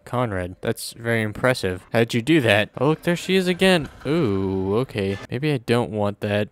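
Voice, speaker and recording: A man's voice: on the low side, moderate pace, few pauses, clean tone, no echo. A man giving casual, joking let's-play commentary on a game over a headset, talking back to the characters on screen. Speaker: gameplay commentator.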